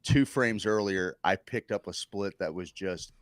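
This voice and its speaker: A man co-hosting a casual comedy podcast, talking in an animated, teasing way and swearing freely. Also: low voice, a little slow, no echo. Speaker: podcast co-host. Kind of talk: casual chat.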